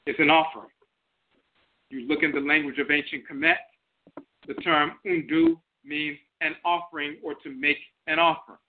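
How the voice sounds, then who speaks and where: A man's voice: a little high, level tone, moderate pace. A man hosting an internet radio broadcast, lecturing and explaining terms one by one, repeating each definition. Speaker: host and lecturer. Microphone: phone line to an internet radio show. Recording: tinny phone-line audio.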